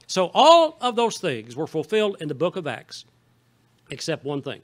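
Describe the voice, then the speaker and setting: A man's voice: a little high, huge pitch swings, moderate pace, fairly bright tone. A male pastor from Southeast Missouri with a Southern Missouri accent, preaching a folksy, conversational sermon and often checking in with the congregation. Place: church sanctuary.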